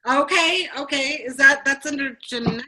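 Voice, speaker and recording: A woman's voice: high voice, moderate pace, sharp tone, a little hiss or hum, poor audio. Bubbly woman hosting a video call. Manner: bubbly, chatty, lots of fillers. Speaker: team leader hosting a training call. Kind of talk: casual chat.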